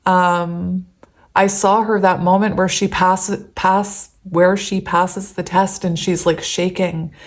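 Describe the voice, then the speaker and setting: A woman's voice: on the low side, little pitch movement, slow. Woman doing a tarot reading, rambly and chatty, laughs a lot, talks to her viewers. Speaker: tarot reader. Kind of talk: casual pick-a-card tarot reading.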